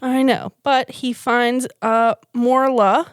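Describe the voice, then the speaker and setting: A woman's voice: on the high side, slow pace, clear, resonant tone, no echo, studio quality. A woman co-hosting a podcast, chatting casually and retelling a film plot with lots of laughter. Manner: giggly, animated storyteller who laughs often. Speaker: podcast co-host.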